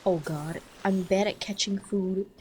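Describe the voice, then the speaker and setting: Young female streamer, excitable and sweary, casual commentary on a desk mic with a light hiss. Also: mid-range voice, a little slow. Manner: excitable, swears, laughs at herself.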